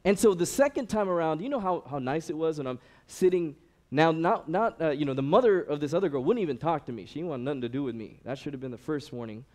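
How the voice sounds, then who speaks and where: A man's voice: fairly high pitch, fast talker. A man giving a sermon-style talk as a ministry director, telling stories conversationally and acting out the people he quotes. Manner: animated storytelling, acts out quoted people; conversational, frequent fillers.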